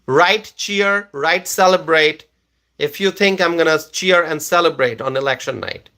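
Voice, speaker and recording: A man chats on a casual live stream, tired at the end of a long day. He speaks in an unhurried, plodding way and sits a little high in his range. He often repeats himself while reading viewer comments aloud. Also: pushed and bright. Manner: slow, repetitive, reads viewer comments aloud.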